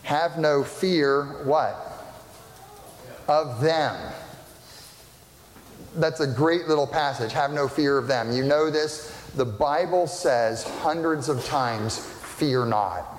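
A man preaches to his congregation in a relaxed, conversational way, often pausing to ask questions. His voice carries a long reverb through a large church sanctuary. A faint hiss sits under the recording. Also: mid-range voice. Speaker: pastor. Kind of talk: sermon.

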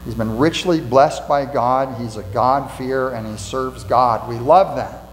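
A pastor giving a conversational sermon in a church, asking rhetorical questions and repeating lines for emphasis. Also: male voice, mid-range voice, unhurried. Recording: echoey hall with mains hum.

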